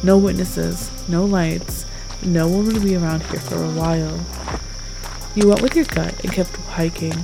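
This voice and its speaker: Slightly low-voiced woman narrating a tense story. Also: gravelly, poor audio. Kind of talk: second-person audio story narration. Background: music.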